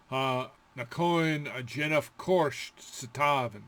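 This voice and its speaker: A man's voice: fairly high pitch, very animated, drawn-out words. A man giving a casual language lesson, playfully imitating animal sounds and laughing between them. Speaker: Gaelic teacher.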